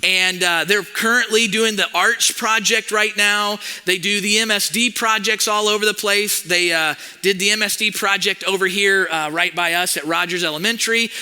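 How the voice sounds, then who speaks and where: Bright-voiced pastor in a reverberant hall. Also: male voice, sits high, moderate pace, few pauses, smooth, faint music behind. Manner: animated, acts out conversations in his story. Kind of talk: storytelling sermon. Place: church auditorium.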